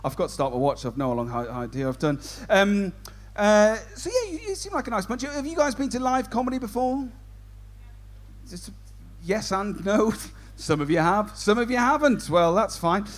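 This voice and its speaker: A man's voice: high voice, expressive, moderate pace. A man compering a stand-up comedy show, doing cheeky banter with the audience. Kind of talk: crowd work stand-up.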